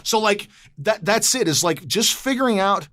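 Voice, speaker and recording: Man telling animated stories into a dry close mic. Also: high voice, normal speed, dry recording. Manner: animated storyteller, acts out quoted people. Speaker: podcast host and voice acting teacher. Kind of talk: casual interview chat.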